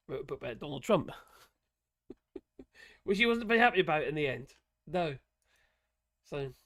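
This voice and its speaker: A host rambles through casual live-stream commentary, reading out viewers' chat messages in a medium-pitched, creaky, slightly bright voice. The talk is chatty, with sighs and laughs between remarks, and there's no room sound.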